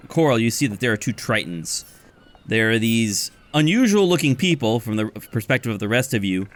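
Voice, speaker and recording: A man narrating a tabletop game as game master, describing scenes in a relaxed, plain way. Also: mid-range voice.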